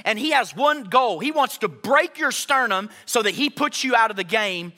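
A man's voice: very high voice, expressive, normal speed, bright, forceful tone. A man preaching a sermon as pastor, emphatic, repeating key phrases and speaking straight to the congregation.

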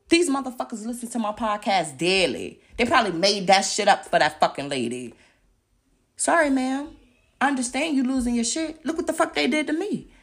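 A young woman podcast host in a full-blown rant, cursing freely and hammering listeners with rhetorical questions. Her pitch leaps from low growls to sharp high peaks. She sounds confrontational from start to finish. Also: big pitch swings, normal speed. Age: young adult. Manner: heated, profane and confrontational, with repeated rhetorical questions.

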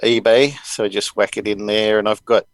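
A man's voice: on the low side, steady tone, moderate pace, no room sound, poor audio. A man hosting a podcast, chatting casually and rambling with many fillers. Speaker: podcast host. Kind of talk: casual chat.

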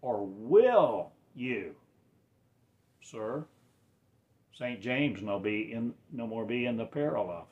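A man delivering a rambling religious monologue, swinging between quiet low mutters and loud raised declarations, often stretching out his words. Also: measured pace, highs cut off.

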